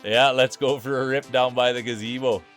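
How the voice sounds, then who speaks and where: A man's voice: mid-range voice, steady tone, normal speed, a bit bright, soft background music. A man from Saskatchewan with a thick Saskatchewan Canadian accent, giving playful, hype-man commentary on a live-streamed marble race.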